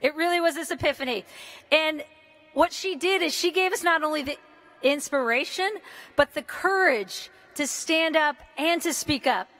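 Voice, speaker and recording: A woman in her fifties from the United States gives a commencement speech in a large indoor arena, talking in an energetic, casual and joking way, with mild swearing. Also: sits high, moderate pace, soft background music. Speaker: commencement speaker.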